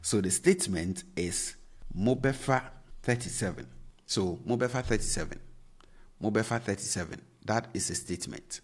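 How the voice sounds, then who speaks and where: A man's voice: on the low side, moderate pace, breathy edge. A man teaching a language lesson, patiently repeating each phrase and acting out questions with exaggerated rising tones.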